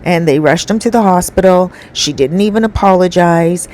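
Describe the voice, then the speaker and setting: A woman with a somewhat low voice tells a story casually. She rambles in a chatty way, with many fillers and asides. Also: moderate pace, a little mellow, rough recording.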